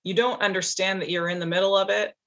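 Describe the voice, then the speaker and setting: A woman's voice: medium pitch, level tone, fast, a bit bright, highs cut off. A woman from Canada hosting an interview, talking with enthusiasm and reflection and laughing often. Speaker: podcast host. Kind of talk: casual interview chat.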